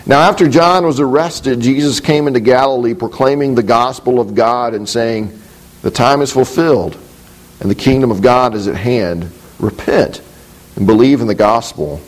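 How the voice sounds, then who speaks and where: A man with a mid-range voice teaches from the Bible. He reads the passage in a measured, deliberate way. Then he explains it in thoughtful commentary, often pausing to find his words. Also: medium pitch, low-quality recording. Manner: thoughtful, explanatory, with frequent hesitations. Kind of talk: scripture reading and commentary.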